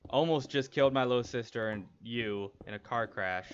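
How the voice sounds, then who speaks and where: A young man streams while gaming, casually telling a personal story that rambles, stays candid, and restarts many times. His mid-range voice is clear and resonant at a normal speed, heard through dull lo-fi stream audio with faint noise.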